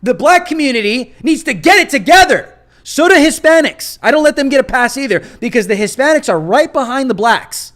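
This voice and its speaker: A man's voice: very high-pitched, animated, fairly quick, a bit bright. A man hosting his own show, delivering combative, emphatic political commentary and hammering points through repetition. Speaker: host.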